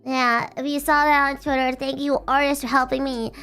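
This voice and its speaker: A woman's voice: high voice, flat delivery, moderate pace, fairly bright tone, faint music behind. A woman streamer chatting casually in a rambling, bubbly way, teasing herself and restarting her sentences often. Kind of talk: casual livestream chat.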